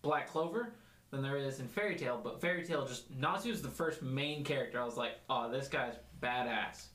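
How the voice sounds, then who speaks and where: A man's voice: mid-range voice, lively intonation, fairly quick, fairly bright tone, echoey room. A man co-hosting a podcast, talking in a laid-back, loose casual chat. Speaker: podcast co-host.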